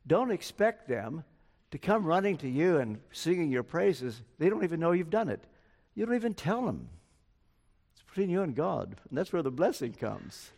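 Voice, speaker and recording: A man's voice: fairly high pitch, very animated, normal speed, gravelly, darkish tone. An older man preaching a sermon, telling a story and acting out the quoted lines of its people. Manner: storytelling, acts out quoted dialogue. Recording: long hall reverb.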